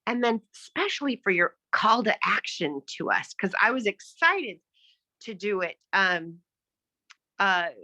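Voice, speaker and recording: Bright-voiced woman giving candid feedback. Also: mid-range voice, dry recording. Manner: friendly, candid, hesitant with fillers. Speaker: speech evaluator. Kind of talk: meeting speech feedback on a video call. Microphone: video call.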